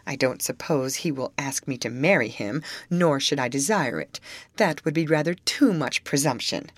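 A woman's voice: extremely low pitch, expressive, moderate pace, no room sound. A woman voicing a spoiled, vain young lady in a storybook reading, with a haughty, teasing manner. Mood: scheming. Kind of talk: audiobook character voice.

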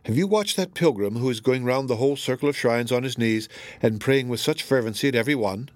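A gentle young woman speaks in a soft, measured voice, as a male reader puts her on. The recording is dry and close. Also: mid-range voice, dry recording, close to an everyday voice. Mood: uneasy.

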